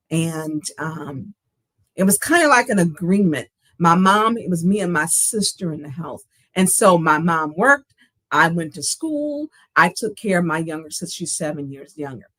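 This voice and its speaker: A woman's voice: on the low side, a bit bright, dry recording. A middle-aged woman hosting a livestream talk show, speaking earnestly and with emphasis from her own life and reading out viewer comments.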